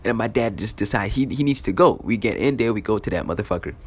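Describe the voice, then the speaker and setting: Young guy, casual profane storyteller, lots of "you know" and "like", swinging pitch. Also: lively intonation, fast, breathy edge. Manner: loose, profane, filler-heavy.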